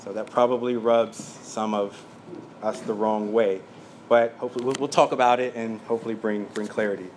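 A man teaching a sermon from his notes, speaking plainly with frequent fillers and quick asides. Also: lowish voice, steady tone, slight background noise. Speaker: pastor.

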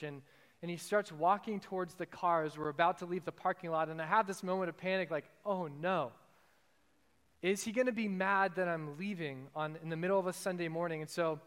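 A man's voice: sits high, fairly bright tone, clear, resonant tone, big-room sound. A man preaching a sermon in an earnest way, repeating his key lines for emphasis. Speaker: pastor.

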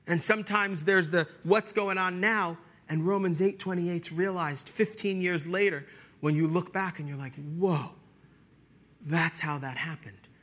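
Bright-voiced, emphatic male preacher. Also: high voice, fairly even intonation, measured pace. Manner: emphatic preaching, swinging from loud declarations to hushed whispers. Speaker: pastor. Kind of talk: sermon. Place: church.

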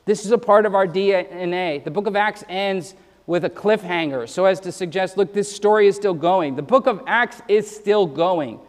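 A man's voice: sits high, normal speed, in a large hall. A man preaching a sermon as pastor, earnest and emphatic, rattling off verse references and often repeating his first words. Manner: repeats words when starting sentences.

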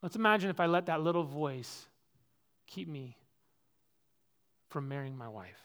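Male preacher with a somewhat high voice; earnest sermon, builds to loud calls, drops to quiet reflection. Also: lively intonation, a little slow. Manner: swings between loud, high exhortation and quiet, low reflection; personal, earnest preaching with illustrations. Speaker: pastor.

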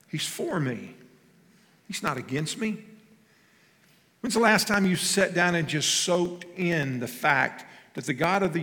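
A man preaching a sermon, swinging from loud emphasis to hushed tones and asking the congregation questions, recorded in a church sanctuary. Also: a little high, gravelly. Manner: asks the congregation questions and has them repeat phrases. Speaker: pastor. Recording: long hall reverb.

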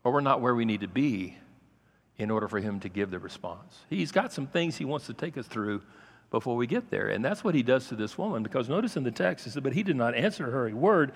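A man pastor preaching a sermon, swinging from loud, raised passages to quiet asides. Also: mid-range voice, lively intonation, fairly quick, slightly rough, big-room sound.

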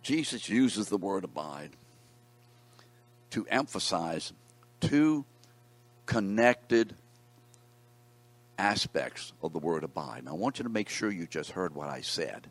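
A man's voice: sits low, expressive, moderate pace, fairly bright tone. A man teaching a Bible class, reading scripture aloud and putting questions to his students in a conversational way.

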